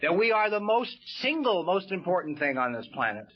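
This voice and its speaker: A man's voice: high-pitched, sing-song, fairly quick, soft background music. A man speaking at a recovery meeting, telling stories in a folksy way with casual swearing and plenty of "you know" and "man". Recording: dull lo-fi tape.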